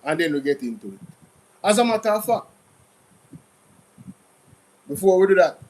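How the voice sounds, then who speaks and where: A Jamaican man hosting a casual commentary show, talking in an animated, repetitive, mocking way. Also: sits high, moderate pace, rough recording. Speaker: commentary channel host.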